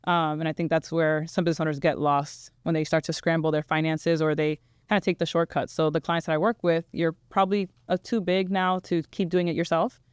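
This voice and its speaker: Female guest, financial coach, brisk and clear, dry studio sound. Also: low-pitched, flat delivery, dry recording. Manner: explanatory, confident, brisk. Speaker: guest, accountant and money coach. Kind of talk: interview answers.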